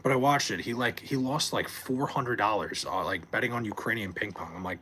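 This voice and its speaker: A late-night home streamer chats loosely on his desk mic, cursing, wandering off topic, and reading chat aloud. His voice is on the low side, quick, pushed, and bright.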